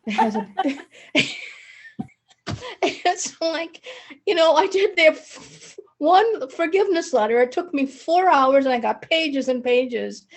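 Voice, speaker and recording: A woman sharing personal feelings in an online study group, halting and emotional, with many restarts, over a video call. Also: sits high, expressive.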